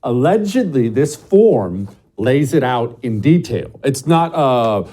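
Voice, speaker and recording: A middle-aged man hosting an opinion show, talking emphatically and swinging between loud bursts and low, muttered asides. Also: sing-song, moderate pace, few pauses. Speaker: show host. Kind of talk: opinionated commentary monologue.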